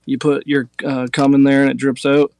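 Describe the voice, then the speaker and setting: A man's voice: mid-range voice, completely flat delivery, normal speed, a little mellow, a little hiss or hum. A man hosting a podcast, telling stories in a rambling casual way with lots of filler words. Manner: rambling storyteller, many "like" fillers. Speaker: podcast host. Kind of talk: casual chat.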